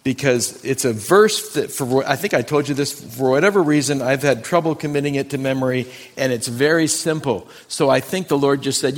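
A man, a pastor, preaching a Sunday morning sermon, talking to his congregation and slowing down to read scripture with emphasis. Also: medium pitch. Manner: earnest, conversational preaching with slow emphatic scripture reading. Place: church sanctuary.

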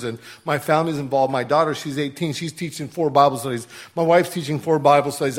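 A middle-aged man giving a heartfelt testimony in church as a missionary, halting and restarting as he speaks. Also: a little high.

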